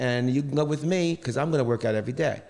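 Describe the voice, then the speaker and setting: A middle-aged man recounting a personal story, pausing and restarting often, with fillers between his phrases. His voice sits at an ordinary pitch for a man. A long reverb trails after each phrase. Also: gravelly, darkish tone. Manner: halting, with many restarts and fillers. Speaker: interviewee.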